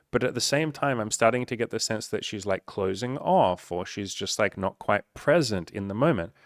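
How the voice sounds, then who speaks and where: Here is a man, speaking as a dating coach in a loose talk to camera. His pitch sits in an ordinary middle range, and he swears often and scatters filler words as he goes. The sound is dry and close, with no room echo. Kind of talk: casual straight-to-camera talk.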